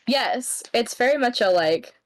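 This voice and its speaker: A young woman co-hosting a podcast, easygoing and quick to laugh as she steers the talk. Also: a little high, animated, rough recording. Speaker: podcast co-host. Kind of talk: casual chat.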